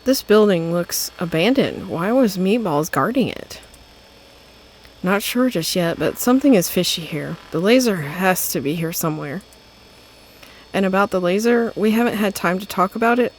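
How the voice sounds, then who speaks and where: A woman's voice: mid-range voice, lively intonation, normal speed, a little hiss or hum. A woman game streamer narrating and voicing her detective cat in a playful, amused way. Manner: playful, giggly, quietly amused. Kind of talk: casual narration of a story game.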